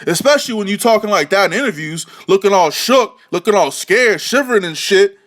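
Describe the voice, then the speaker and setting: A man's voice: sits high, lively intonation, a little fast, fairly bright tone. A man rants about boxing, swearing freely. He mocks and repeats himself in a heated, scornful vlog delivery. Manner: heated, mocking, repetitive. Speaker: boxing vlogger. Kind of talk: profane ranting commentary.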